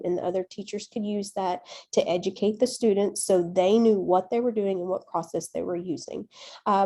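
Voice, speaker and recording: A woman teacher presenting at a conference, telling classroom stories in a chatty, folksy, expressive way. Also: mid-range voice. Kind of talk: animated classroom storytelling.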